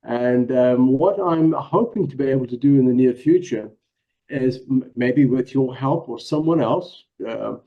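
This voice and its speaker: A man's voice: medium pitch, unhurried, narrow, tinny audio. A man with a South African accent, giving a casual presentation as a guest, modest and hesitant, with many ums and small laughs.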